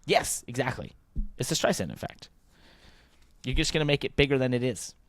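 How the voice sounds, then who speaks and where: A man co-hosting a motorsport podcast in casual chat, rambling and thinking aloud, growing animated when he rants. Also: medium pitch, fairly quick, no echo. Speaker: podcast co-host.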